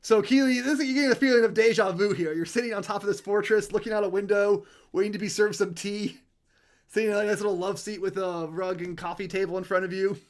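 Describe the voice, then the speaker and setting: A man with a high voice narrates a tabletop game as its game master. He talks loosely and hesitantly, filling gaps with uh's and restarts. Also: quick pace. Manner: relaxed, hesitant narration with many fillers.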